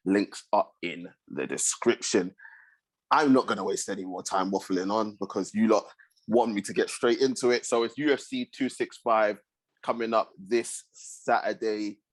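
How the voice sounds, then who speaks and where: Low-voiced man hosting a podcast. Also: moderate pace. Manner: relaxed, hesitant with fillers, agreeable. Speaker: podcast host. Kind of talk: casual chat.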